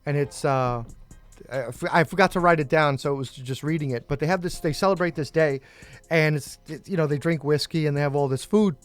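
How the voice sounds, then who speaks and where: A man's voice: a little high, brisk, clear, resonant tone, faint music behind. A man co-hosting a casual podcast, joking around and losing his train of thought. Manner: joking, scattered. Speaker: co-host.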